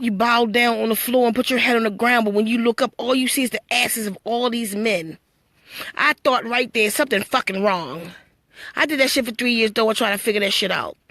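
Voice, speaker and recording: A woman's voice: on the high side, fairly bright tone, dry recording. A woman telling her spiritual story to live-stream viewers, blunt and full of swearing, preachy and storytelling. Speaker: livestream host.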